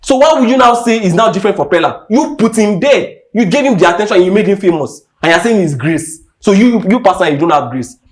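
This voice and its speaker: Podcast host, young Nigerian man, pitched a bit high, emphatic rant delivery. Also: expressive, quick pace, hardly any pauses. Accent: Nigerian English. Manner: heated and emphatic, repeating points. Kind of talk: impassioned rant.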